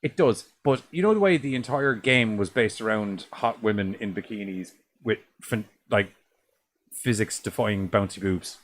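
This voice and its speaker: A man's voice: fairly low pitch, moderate pace, slight background noise. A man co-hosting a horror podcast in casual chat, rambling with restarts and swearing. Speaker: podcast co-host.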